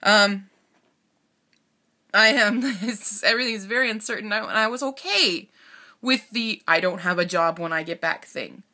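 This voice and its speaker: A woman in her twenties speaks to her camera at home, close to crying and stopping often to steady herself. Her voice is bright and forward, and her talk is broken by nervous laughs and sighs. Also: mid-range voice, normal speed. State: tearful, on the verge of crying. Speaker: vlogger. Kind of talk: personal vlog confession.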